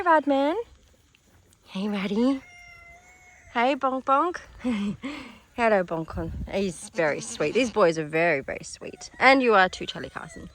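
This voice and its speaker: A woman's voice: sits high, fairly bright tone. A woman giving a casual vlog tour of a farm sanctuary, chatting to the camera and cooing baby talk at the animals as she films on her phone outdoors. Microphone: handheld phone while filming. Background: chickens, roosters and turkeys.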